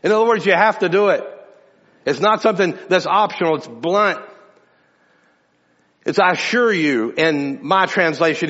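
Guy preaching a sermon, kinda high voice, talks like chatting then gets emphatic, big echoey church, muffled recording. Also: a bit bright. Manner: conversational, emphatic preaching with repeated restarts. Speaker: pastor. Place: church sanctuary. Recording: dull sound with long hall reverb.

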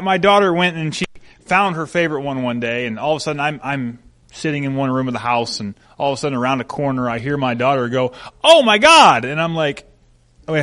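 A young adult man preaching a sermon, telling stories with an animated delivery that swings from quiet to loud. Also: fairly high pitch. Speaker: pastor.

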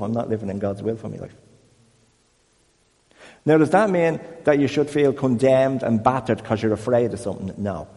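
A man leading an informal Bible talk for a small group, chatty and self-deprecating, growing more animated as he goes. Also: mid-range voice, moderate pace, long reverb tail. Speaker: church group leader.

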